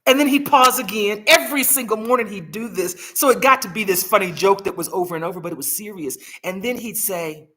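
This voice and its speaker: A woman hosts a live healing talk, speaking earnestly and telling heartfelt stories. Her voice is bright and forceful. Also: medium pitch, a little fast, hardly any pauses, husky. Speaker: host.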